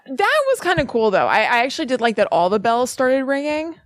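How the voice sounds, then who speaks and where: A woman's voice: high voice, very animated, fairly quick, no room sound. A woman co-hosting a podcast, casually chatting about a horror film and agreeing often. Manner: agreeable, lots of short backchannel replies. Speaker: podcast co-host. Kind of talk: casual movie review chat.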